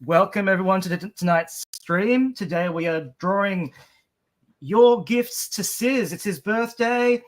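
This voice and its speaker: A man's voice: high-pitched, measured pace. A man hosting a live stream and drawing for viewers, chatty and upbeat, often tripping over his words. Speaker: stream co-host and artist. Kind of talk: casual live-stream chat.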